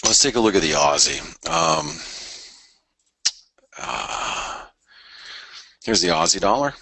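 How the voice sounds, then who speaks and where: A man's voice: low-pitched, animated, slow pace, bright, forceful tone, no echo. A middle-aged man hosting a live trading show, talking casually and rambling with many stammered restarts as he thinks aloud. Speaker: forex trading show host. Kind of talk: casual live market commentary.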